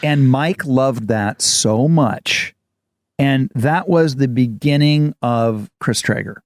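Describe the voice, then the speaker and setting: A man in his fifties, an actor co-hosting a podcast, chatting casually as an animated storyteller. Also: medium pitch, slow, no echo, clean studio sound. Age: 50s. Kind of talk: casual chat.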